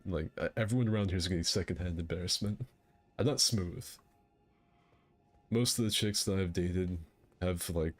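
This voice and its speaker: A young man with a very low voice hosts a laid-back gaming stream. He rambles through crude, joking banter. Faint music plays underneath. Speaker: streamer hosting a game fight night. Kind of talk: casual gaming stream chat.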